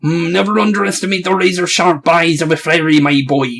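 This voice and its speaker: A man's voice: a little high, level tone, fairly quick, gravelly, fairly bright tone, faint music behind. A man voicing a chatty, cheeky male fairy companion, full of blunt, folksy slang, in a game playthrough.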